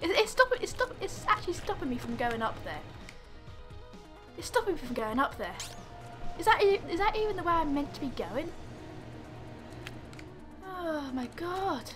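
A woman doing let's play commentary, exasperated and laughing often as she scolds the game character. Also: very high voice. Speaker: gamer.

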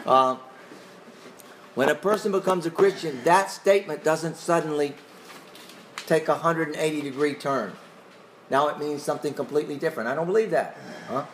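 A man's voice: fairly high pitch, moderate pace, long pauses, slight background noise. A man teaching a Bible class who questions his listeners in a conversational way and chuckles often.

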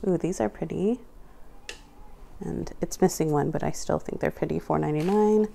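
A woman's voice: sits low, normal speed, creaky, warm tone, a little hiss or hum. A young adult woman casually narrating an unboxing at home, reading out prices item by item with chatty asides. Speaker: vlogger unboxing a craft store grab bag.

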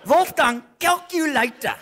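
A scornful middle-aged schoolteacher, voiced by a man with a South African accent, speaking high and bright. He talks slowly and scolds the crowd with dry, sarcastic put-downs. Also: heavily acted. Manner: sarcastic, scolding the audience as a class. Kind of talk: stand-up ventriloquism.

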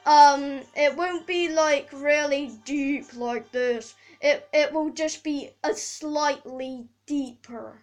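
Girl, high voice, slow and rambly, keeps saying sorry, chatting from her bedroom. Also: fairly even intonation, soft background music, rough recording. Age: preteen girl. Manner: rambling, apologetic, full of fillers. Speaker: channel host. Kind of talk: casual video update. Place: bedroom at home.

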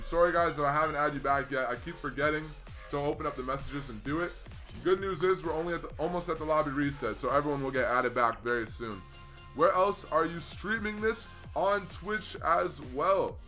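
Bright-voiced young man streaming a game. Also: a little high. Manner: chatty, reads chat messages aloud and greets viewers. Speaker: livestream host. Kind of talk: casual gaming livestream chat.

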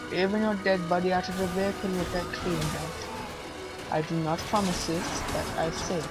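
A man commenting on his own gameplay, excitable, swearing a lot and yelling at the game with jokes. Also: high voice, normal speed, over music, low-quality recording. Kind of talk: playing a game and reacting.

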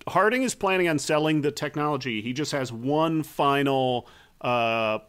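Co-host recapping the plot, smooth and resonant voice, halting delivery. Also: male voice, medium pitch, a bit bright. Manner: halting, with frequent fillers.

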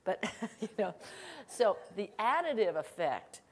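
A middle-aged woman giving a conference keynote, telling lively anecdotes with laughter and acted quotes. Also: medium pitch, a little slow. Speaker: keynote speaker. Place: conference hall stage.

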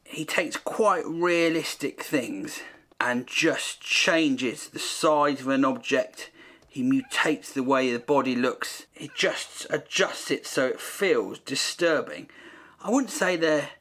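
A man's voice: mid-range voice, takes it slowly, a bit bright. A man hosting a comic paint-along video, talking in a dry, joking way and making jokey asides to himself. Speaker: host painting a copy of a famous artwork.

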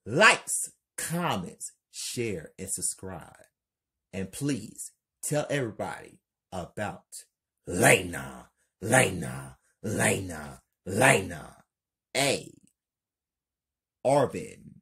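Slow, low-voiced hyped male storyteller. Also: very animated, creaky, pushed and bright, breathy edge. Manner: hyped, repetitive, drawn-out delivery. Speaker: narrator and channel host. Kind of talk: homemade story narration.

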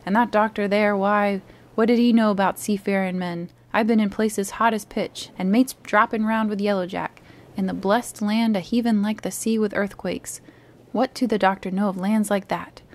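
A woman voicing a weak, pleading old male sea captain in a calm storybook reading. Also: medium pitch, normal speed, lightly acted. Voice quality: feeble, wheedling.

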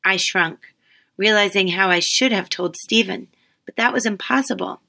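A woman's voice: medium pitch, moderate pace, vocal fry, pushed and bright. A woman reading her own first-person story aloud, wry and self-deprecating in her telling.

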